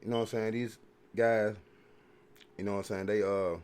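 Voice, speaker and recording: A man's voice: lowish voice, level tone, normal speed, darkish tone, smooth. A man hosting a podcast, rambling through a casual, profane, preachy monologue full of repeated filler phrases. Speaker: podcast host.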